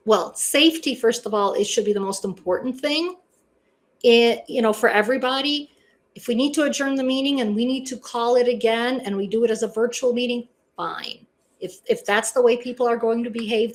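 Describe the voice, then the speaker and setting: A woman's voice: fairly high pitch, normal speed. A woman teaching an online class in a blunt, conversational way, with many "you know" asides. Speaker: instructor. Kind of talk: casual online class lecture.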